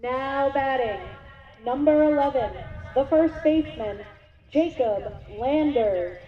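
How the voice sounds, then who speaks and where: A woman announcing batters over a ballpark public address system, drawing out each name slowly. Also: sits high. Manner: slow, drawn-out names. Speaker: stadium PA announcer. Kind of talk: formal lineup announcing. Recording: distant, echoey, dull PA sound.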